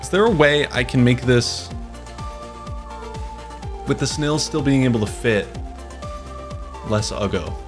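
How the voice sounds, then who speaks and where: A man's voice: mid-range voice, a little slow, pauses often. A young man commenting on his live game stream in a playful, joking, mock-dramatic way. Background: faint game music.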